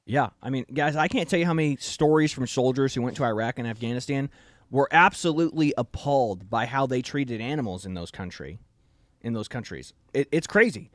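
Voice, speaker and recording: A man's voice: mid-range voice, animated, a little fast, no room sound. A man hosting a talk show, giving emphatic, indignant commentary. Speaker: show host.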